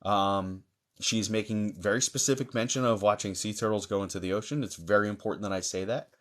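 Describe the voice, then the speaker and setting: A man's voice: lowish voice, steady tone, a little fast, a bit bright. A man hosting a live-stream mediumship session, greeting viewers by name and reading chat aloud in a chatty manner with many fillers.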